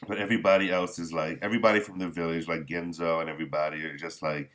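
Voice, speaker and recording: A man chatting casually as a manga reviewer, rambling and halting, with candid, mildly profane remarks. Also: deep voice, little pitch movement, fairly bright tone. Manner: rambling, halting with many restarts. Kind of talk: casual chat.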